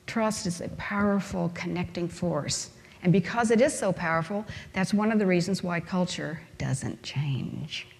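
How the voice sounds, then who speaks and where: Low-voiced woman lecturing in a reverberant hall. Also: measured pace, vocal fry. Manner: emphatic, rhetorical, uses everyday examples. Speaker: conference speaker. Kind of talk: conference lecture.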